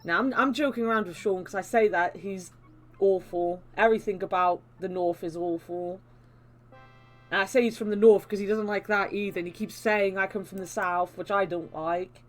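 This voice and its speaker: A woman's voice: medium pitch, fairly even intonation, normal speed, soft background music. A woman from England streaming a video game, chatting casually and bantering in a teasing, playfully indignant way. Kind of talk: casual chat while playing a game.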